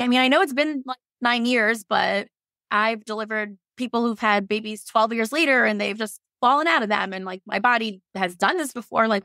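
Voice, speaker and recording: Woman, 30s, from Virginia, podcast guest; frank, animated storyteller who quotes herself; dry close recording. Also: fairly high pitch, a little fast, dry recording. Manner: animated, quotes herself and others, laughs often; frank, swears casually. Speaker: podcast guest telling her birth story. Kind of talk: casual storytelling.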